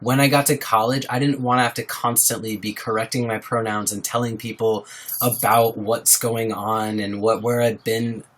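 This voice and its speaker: A young man with a lowish voice, level tone and moderate pace hosts a relaxed livestream. He addresses viewers earnestly and supportively, reading out their names.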